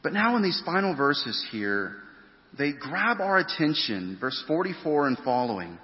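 A male pastor preaching an earnest sermon, stressing key phrases and slowing down to drive points home. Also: fairly high pitch, big pitch swings. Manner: earnest, emphatic preaching with rising stresses and slow drawn-out phrases. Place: church sanctuary. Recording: dull sound with long hall reverb.

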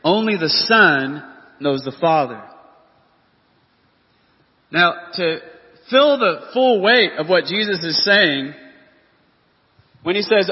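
A man's voice: high voice, animated, slow pace, pauses often. A man preaching a sermon as pastor, earnest and full of rhetorical questions. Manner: earnest, rhetorical questions, reads scripture aloud. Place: church hall. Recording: dull lo-fi audio with long church reverb.

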